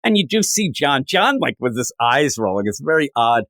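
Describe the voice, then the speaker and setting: A man's voice: medium pitch, brisk, no room sound. A man co-hosting a casual comic book podcast, recapping issues and acting out the characters' lines as he goes. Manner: animated, acts out characters' lines while recapping. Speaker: podcast co-host.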